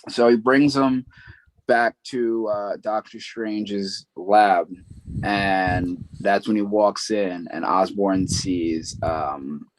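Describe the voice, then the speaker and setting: Poor audio with a slight hiss or hum carries a man's lowish, steady voice as he draws out his words. Co-hosting a podcast, he loosely recaps a plot in relaxed chat, peppered with fillers and side remarks.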